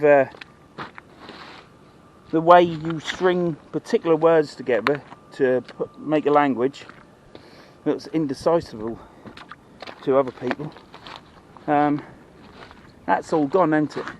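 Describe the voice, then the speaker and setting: Norfolk bloke rambling on while fishing, a bit high voiced, faint hiss. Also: male voice, steady tone, unhurried, long pauses, highs cut off. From Norfolk, England. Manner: rambling, chatty, broad dialect words. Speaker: fishing vlogger. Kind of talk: casual chat to camera while fishing. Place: outdoors by the water.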